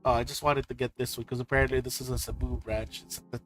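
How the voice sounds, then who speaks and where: A man from the Philippines chatting casually with his viewers about trip photos, excitable, swearing and laughing often. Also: mid-range voice, fast talker, faint music behind. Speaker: streamer host.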